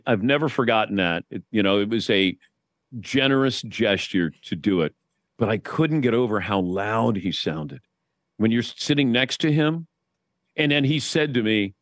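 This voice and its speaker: A man appears as a guest in casual sports talk, telling energetic stories and putting on voices whenever he quotes someone. His voice is fairly low at a moderate pace, recorded in studio quality with no echo.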